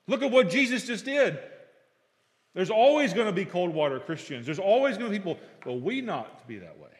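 A middle-aged male pastor preaching a sermon, telling stories and acting out dialogue, swinging between loud and hushed. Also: high voice, very animated, fairly quick. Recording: long reverb of a hall.

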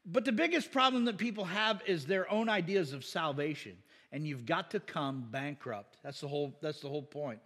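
A man delivering a sermon in a loose, conversational way, tossing in asides and chuckles. His voice sits a little higher than most men's. A long reverb trails each phrase, as in a big hall. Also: expressive, normal speed, bright, forceful tone, slightly rough. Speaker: pastor.

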